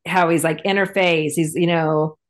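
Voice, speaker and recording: A woman co-hosting a casual recap podcast, rambling along with plenty of fillers. Her voice sits a little lower than most women's. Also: steady tone, normal speed. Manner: rambling, chatty, lots of fillers. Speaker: podcast co-host. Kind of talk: casual episode recap chat.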